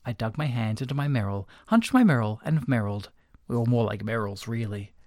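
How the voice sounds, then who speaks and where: A man reads a comic story aloud with lively, expressive narration. His pitch swings freely across a moderate, mid-range voice. The sound is dry and close to the mic. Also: brisk, no room sound. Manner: expressive, animated reading.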